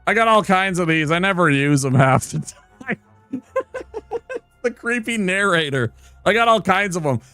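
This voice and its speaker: A man's voice: high voice, animated, moderate pace, long pauses, bright, forceful tone, no echo, soft background music. A man streaming and commenting on a game in a playful, teasing, chatty manner. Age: adult. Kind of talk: casual gameplay commentary.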